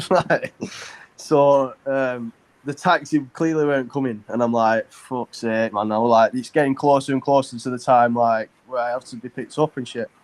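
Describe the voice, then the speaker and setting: A man tells a long, meandering story on a podcast. His talk is loose and full of fillers and swearing. His voice sits in an ordinary middle pitch. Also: steady tone, normal speed, a little mellow, rough recording. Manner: rambling, swears a lot, many fillers. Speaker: podcast co-host. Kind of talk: casual storytelling chat.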